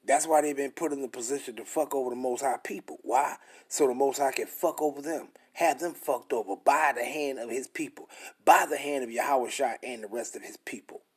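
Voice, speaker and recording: A young man preaching and reading scripture aloud, emphatic and blunt, dropping into a slow, deliberate pace for the verses. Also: medium pitch, slightly rough. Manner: emphatic, blunt and profane, slows way down to read verses. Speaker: scripture teacher.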